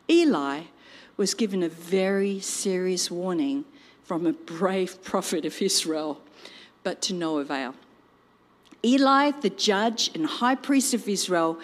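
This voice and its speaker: A woman telling a Bible story in an expressive storytelling style, with personal asides. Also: on the low side. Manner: slow, animated storytelling with asides. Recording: long reverb.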